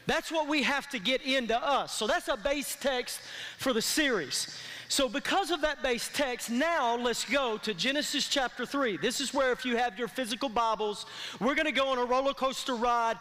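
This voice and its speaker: A man delivers a sermon in a high, bright voice. The long reverb of a large church hall trails after his words as he draws the congregation into call-and-response. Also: normal speed. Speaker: pastor. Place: church sanctuary.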